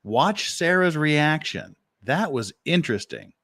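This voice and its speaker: Male commentator, high-ish voice, excitable and foul-mouthed, dry close sound. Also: a little slow, no room sound. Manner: excitable, swears often, repeats himself. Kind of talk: profane reaction commentary.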